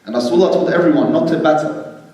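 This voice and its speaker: A man giving a religious storytelling lecture, animated and acting out quoted speech, in a large hall. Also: a little high, quick pace. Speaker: religious speaker. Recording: echoey hall, distant mic.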